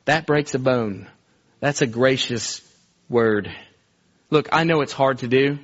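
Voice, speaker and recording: A man preaching a sermon in an earnest way, acting out everyday scenes and slowing down for emphasis. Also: medium pitch, lo-fi sound.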